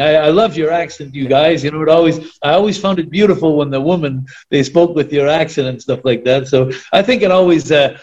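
A man's voice: a little high, muffled recording. A man with a French Canadian accent, a native French speaker, chatting as an interview guest and rambling with many restarts and fillers. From Quebec, Canada. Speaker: retired pro wrestler guest. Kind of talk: casual interview chat.

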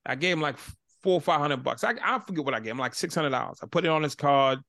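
Male guest speaker, casual and animated, acts out the dialogue in his stories, with a gravelly edge and little room sound. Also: a little high, quick pace, dry recording, clean studio sound. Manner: animated storyteller acting out dialogue. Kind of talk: casual interview storytelling.

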